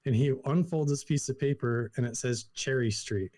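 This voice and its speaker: Mellow-voiced man telling a story. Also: mid-range voice, moderate pace. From Idaho. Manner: animated, lots of "like" fillers, acts out quotes. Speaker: podcast guest. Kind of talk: casual storytelling.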